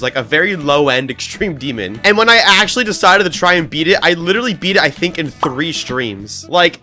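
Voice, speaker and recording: A young man talks through a hard game level in bright, bouncy commentary, his pitch jumping all over as he reacts. He sounds chatty and pokes fun at himself. Faint game music plays under his voice. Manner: excitable, chatty, self-deprecating, quick exclamations. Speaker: gaming YouTuber. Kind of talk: gameplay commentary.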